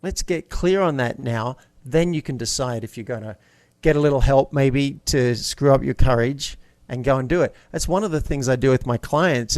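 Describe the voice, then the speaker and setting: A man's voice: mid-range voice, no room sound. A man talks in an upbeat, storytelling way as a guest on a podcast. His voice sits mid-range, and the recording is dry and close, with no room sound. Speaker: guest, coach. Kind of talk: casual interview talk.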